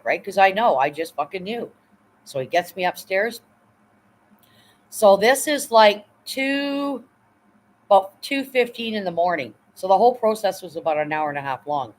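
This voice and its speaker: A woman's voice: mid-range voice, normal speed, rough recording. A woman in her fifties, hosting a casual livestream, telling a story bluntly with frequent swearing and "right?" asides. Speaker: livestream host.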